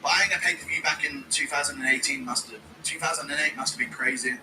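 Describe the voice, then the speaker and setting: This is a man running a fight watch-along stream, talking at a quick pace over heavy background noise. He reads out donations, chats casually, and makes crude jokes along with squealing, high-pitched impressions.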